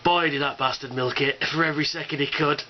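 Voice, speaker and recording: A man's voice: a little high, fairly even intonation, a little fast, dull audio, a little hiss or hum. A man rambling casually about a fan convention, enthusiastic and swearing, with lots of fillers. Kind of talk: casual rambling video response.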